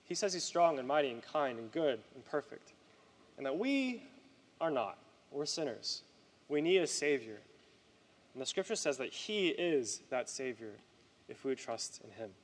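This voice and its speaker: A man's voice: medium pitch, sing-song, normal speed, long reverb tail. A man preaching a conversational sermon to a youth group, often checking in with "right?".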